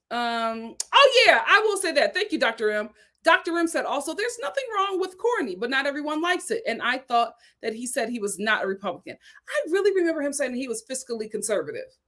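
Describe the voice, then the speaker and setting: A woman hosting a live stream, reading viewer comments aloud and reacting to them in casual, animated chat. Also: fairly high pitch.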